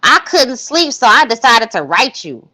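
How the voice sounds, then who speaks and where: A woman's voice: a little high, big pitch swings, unhurried, sharp tone, voice pushed up, exaggerated voice, low-quality recording. A woman voicing an infatuated woman's love texts in an exaggerated, mocking sing-song. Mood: gushing.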